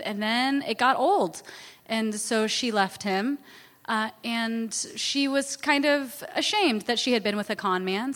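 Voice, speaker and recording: A woman's voice: mid-range voice, a bit bright, big-room sound. A woman guest in an interview, candidly telling a personal story in a chatty, self-deprecating way.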